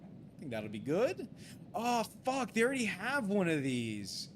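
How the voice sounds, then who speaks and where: A man with a fairly high voice chats on a late-night game stream, thinking out loud in loose, restarting sentences. When things go wrong he swears and begs in a flustered rush. A faint hiss sits under his voice. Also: huge pitch swings, measured pace. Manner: rambling, full of fillers and restarts. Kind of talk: casual late-night gaming livestream chat.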